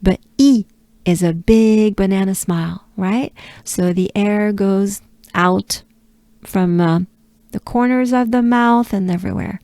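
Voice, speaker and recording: A woman from France teaches pronunciation in a French accent, patiently repeating sounds and coaching breathing, at times whispering. Her medium-pitched voice is warm and unhurried, captured in a clean studio with no echo.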